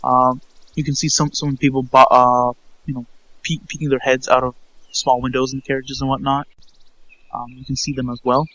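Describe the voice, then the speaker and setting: Halting male game master. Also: mid-range voice, flat delivery, fairly bright tone, dry recording, dull audio. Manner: halting, full of fillers and restarts. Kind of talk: narrating a tabletop game.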